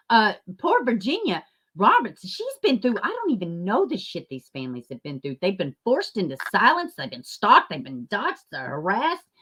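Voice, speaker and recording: A woman's voice: fairly high pitch, sharp tone. A woman hosting a true crime livestream, chatting casually and reading viewer comments, blunt and profane, flaring into heated rants.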